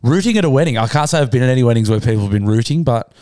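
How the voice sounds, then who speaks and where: A man's voice: mid-range voice, expressive, racing, darkish tone. A man with an Australian accent hosting a podcast in laid-back, sweary banter. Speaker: podcast host. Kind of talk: casual podcast chat.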